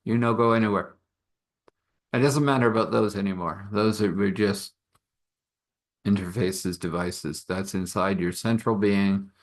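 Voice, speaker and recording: A man's voice: fairly low pitch, unhurried. Man voicing a friendly, casual trader, reassuring, storytelling. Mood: kindly. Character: friendly male wandering trader, kindly and casual.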